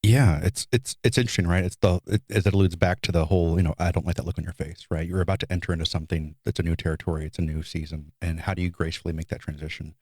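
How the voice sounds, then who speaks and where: Deep-voiced thoughtful middle-aged man. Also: steady tone, darkish tone, dry recording, studio quality. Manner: thoughtful, measured, builds ideas slowly. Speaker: podcast co-host. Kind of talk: casual podcast conversation.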